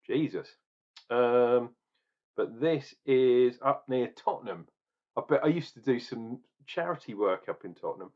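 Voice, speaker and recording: A man's voice: medium pitch, dull audio. A chatty middle-aged man from England reviewing a beer, rambling and joking in a casual tasting vlog. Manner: chatty, jokey, rambling asides.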